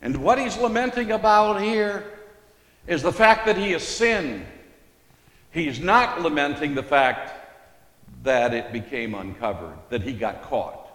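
A man preaching an expository sermon, teaching slowly and deliberately and stressing key words. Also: a little high, lively intonation, fairly bright tone. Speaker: pastor. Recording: echoey hall with long reverb.

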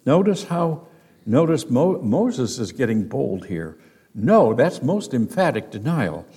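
A man's voice: mid-range voice, big pitch swings, slow, warm tone, slightly rough. A man teaching through a Bible passage, stressing key words with firm emphasis. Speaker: pastor.

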